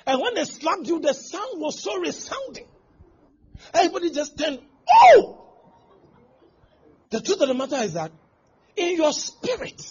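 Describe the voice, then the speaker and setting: A male pastor preaching a sermon, acting out scenes with exclamations and laughter. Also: very high voice. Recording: dull lo-fi sound with faint background noise.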